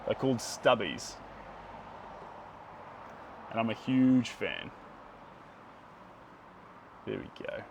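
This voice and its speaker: A man's voice: lowish voice, sing-song, very slow, gravelly, pauses often, a little hiss or hum. Chatty New Zealand man painting live. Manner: chatty, greets viewers by name while painting. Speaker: livestream painter. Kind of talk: casual painting livestream chat.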